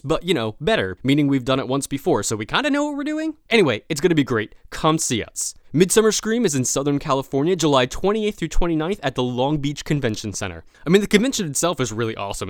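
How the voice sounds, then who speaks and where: A man's voice: medium pitch, dry recording, studio quality. Jokey man with a Jersey accent. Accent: New Jersey. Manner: jokey, self-mocking. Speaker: podcast host. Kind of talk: scripted announcement.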